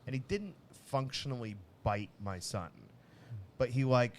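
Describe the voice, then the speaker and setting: A man co-hosting a casual podcast, telling a long family story with many restarts and lively acted-out bits. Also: mid-range voice, a little slow, a little hiss or hum. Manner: rambling, restarts often, animated when telling a story. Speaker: podcast co-host.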